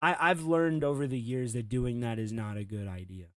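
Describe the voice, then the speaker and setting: A man's voice: mid-range voice, moderate pace, fairly bright tone, no echo, studio quality. A man hosting a reaction commentary show, talking bluntly and mockingly with plenty of swearing. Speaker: commentary host.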